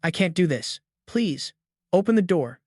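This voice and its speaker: A man's voice: high-pitched, expressive, a little slow, darkish tone, no echo, studio quality. A man voicing a frightened young woman who pleads in a shaky voice.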